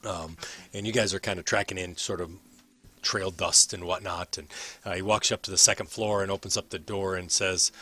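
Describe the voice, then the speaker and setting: A man narrating a tabletop game as game master, rambling with many pauses and fillers. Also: deep voice, steady tone, sharp tone.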